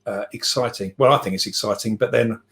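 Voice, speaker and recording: A man's voice: lowish voice, fairly quick, fairly bright tone. Middle-aged man, podcast guest on a remote call, loose rambling delivery with self-deprecating asides. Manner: rambling, self-deprecating, frequent restarts and fillers. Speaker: podcast guest, software CEO. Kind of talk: casual podcast chat.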